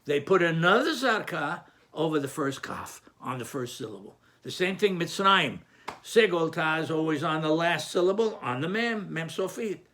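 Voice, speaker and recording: A man's voice: fairly high pitch, lively intonation, moderate pace, pushed and bright. Man explaining cantillation rules patiently. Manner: patient, explanatory, with frequent restarts and fillers. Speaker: teacher of Torah cantillation. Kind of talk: spoken lesson.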